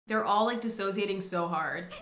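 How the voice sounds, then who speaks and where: A woman giving animated let's-play commentary, playfully narrating what her game character does and sometimes breaking into loud shrieks and laughter. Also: mid-range voice, normal speed. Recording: roomy echo with clear background noise.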